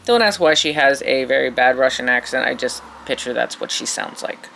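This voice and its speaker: A woman's voice: rumbling low, moderate pace, vocal fry, a bit bright. A woman chatting casually as she paints, rambling and self-mocking in her asides. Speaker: painting vlogger. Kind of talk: casual chat while painting.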